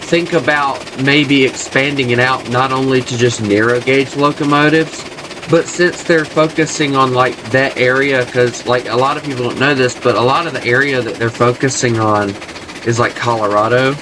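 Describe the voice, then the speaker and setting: A man's voice: mid-range voice, noisy background. A man with a Southern US accent, chatting loosely and rambling at home while he plays a video game. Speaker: gaming channel host. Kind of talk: casual gameplay chat.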